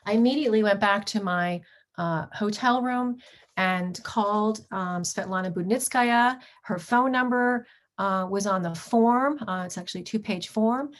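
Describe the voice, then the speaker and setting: A middle-aged woman, a history professor, giving a lecture with slides, pausing often on ums and restarting her sentences. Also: medium pitch. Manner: halting, frequent ums and restarts.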